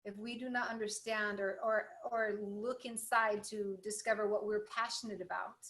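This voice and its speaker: A woman's voice: mid-range voice, steady tone, moderate pace, a bit bright, poor audio. A woman hosting a spiritual interview, earnest and affirming toward her guest. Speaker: host.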